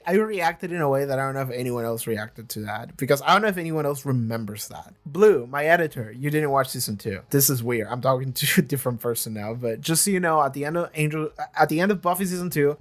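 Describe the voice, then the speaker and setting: A young man hosting a reaction video, talking casually and earnestly with lots of "like" fillers, restarts and the odd curse word. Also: on the high side. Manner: rambling, filler-heavy, frequent "like", restarts; animated, earnest retelling with occasional swearing. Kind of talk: casual commentary on a TV episode.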